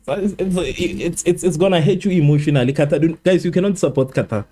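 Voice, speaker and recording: Animated man hosting a stream. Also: fairly high pitch, fast. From South Africa. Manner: animated, repetitive, joking with chat. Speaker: live stream host. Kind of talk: casual match watchalong commentary.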